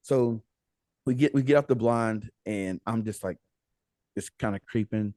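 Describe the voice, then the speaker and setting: As a podcast guest, an American man with a fairly low voice tells a story in a casual, energetic way, laughing and acting out people's words through quoted dialogue. He speaks a little slowly, and the sound is dry and close with no room sound.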